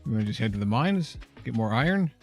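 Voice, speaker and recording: An American man co-hosting a game stream, talking in a dry, low-key, wry way. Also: sing-song, fast, faint music behind. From United States. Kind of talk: casual let's-play chat.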